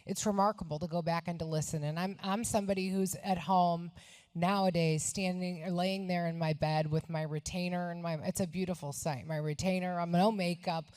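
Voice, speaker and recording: A woman giving an emotional, affectionate tribute speech at a podium, halting and restarting as she speaks. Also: lowish voice, fairly even intonation, a little mellow. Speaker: speaker introducing the honoree. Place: resort event room.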